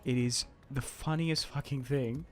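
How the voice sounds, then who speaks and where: A man's voice: medium pitch, steady tone, a little slow, faint music behind. A young Australian man giving casual, rambling, sweary commentary while playing a strategy game on stream. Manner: laid-back, sweary, rambling.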